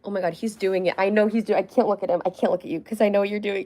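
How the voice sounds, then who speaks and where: A woman's voice: medium pitch, steady tone, very fast, warm tone. A young woman hosting a casual livestream, chatting in a rambling way with frequent fillers and laughs. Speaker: livestream host.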